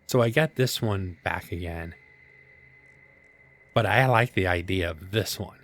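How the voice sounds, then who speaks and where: A man with a somewhat low voice narrates his own gameplay at home, thinking out loud as he goes. His talk is loose and self-deprecating, with relaxed asides. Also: unhurried. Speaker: gaming channel host. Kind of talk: casual let's-play commentary. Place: home gaming setup.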